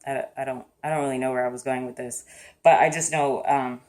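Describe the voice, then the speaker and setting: A woman with a strikingly deep, low voice speaks in a casual, reflective vlog. She talks thoughtfully and hesitantly, soft-spoken as she works through her feelings out loud. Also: fairly even intonation, fairly quick. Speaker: vlogger.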